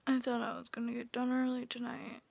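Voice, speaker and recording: A woman's voice: a little high, monotone, fairly quick, gravelly, a little mellow, no room sound. A young woman vlogging at home late at night, venting her frustration, swearing and often dropping into a whisper. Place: at home indoors.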